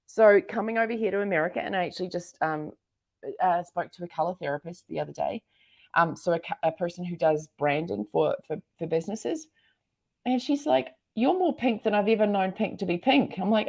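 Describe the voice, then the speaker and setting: Bubbly animated woman. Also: moderate pace. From New Zealand. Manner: bubbly, animated, bursts into high exclamations. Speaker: guest entrepreneur. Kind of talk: casual live interview.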